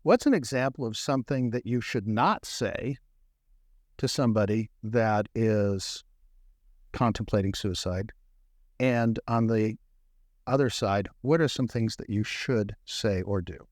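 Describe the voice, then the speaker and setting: A man hosting a TV talk show, putting measured questions to his guest. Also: on the low side, dry recording, clean studio sound. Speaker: host. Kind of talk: interview questions. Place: TV studio.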